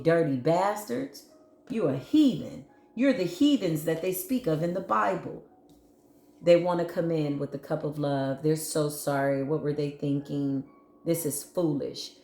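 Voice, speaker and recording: A woman's voice: deep voice, a little mellow. A woman giving an intense tarot reading, fiery, scolding and preachy. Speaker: spiritual tarot reader. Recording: roomy echo.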